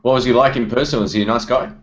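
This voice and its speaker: A man's voice: mid-range voice, steady tone, rapid-fire, dull audio. An Australian man hosting a casual online guitar chat, laid-back and self-deprecating, with plenty of fillers.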